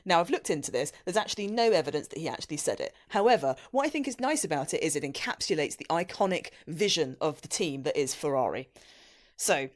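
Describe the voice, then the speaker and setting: A woman co-hosting a casual podcast, chatty and quick to laugh as she explains things. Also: sits low. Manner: chatty, lively, laughs often. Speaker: podcast co-host.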